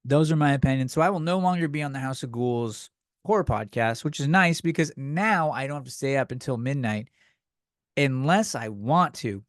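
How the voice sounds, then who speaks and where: Profane, lively ranting man. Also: medium pitch, normal speed, no echo, clean studio sound. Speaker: podcast host. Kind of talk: comedic podcast rant.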